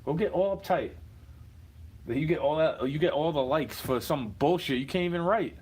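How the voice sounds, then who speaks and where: Livestream host, male, higher-pitched, combative and cursing, echoey room far off the mic. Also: normal speed, a little mellow. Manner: profane, sarcastic, combative; mocking, mimics opponents. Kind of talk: unscripted rant.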